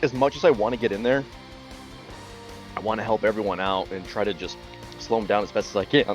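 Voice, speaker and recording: A man's voice: on the low side, a little fast, dull audio, faint music behind. Loose, swearing male player. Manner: loose and excitable, swears freely. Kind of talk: casual game chat.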